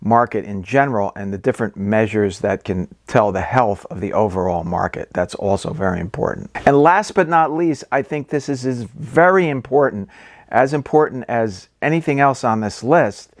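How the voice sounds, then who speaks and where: A man's voice: medium pitch, expressive, normal speed, no echo, studio quality. A man hosting an investing channel, explaining stock basics in casual talk full of ums, okays and restarts. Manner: conversational, many ums and okays.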